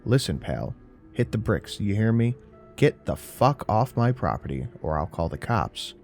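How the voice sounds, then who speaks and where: A man's voice: low-pitched, animated, unhurried, darkish tone. A man voicing a blunt, fed-up male homeowner who curses and threatens. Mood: angry. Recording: narration over faint music.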